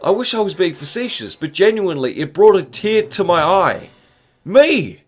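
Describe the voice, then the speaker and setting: A man's voice: high-pitched, big pitch swings, normal speed. A twenty-one-year-old man giving an exaggerated, profane, mock-dramatic comic review, with faint music behind him. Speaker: vlogger reviewing candy.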